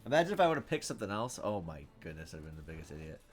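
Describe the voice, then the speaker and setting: A man giving live commentary on his own game, thinking out loud, reading card text aloud and bursting into loud cheers. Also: low-pitched, big pitch swings, very fast, soft background music. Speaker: gameplay streamer.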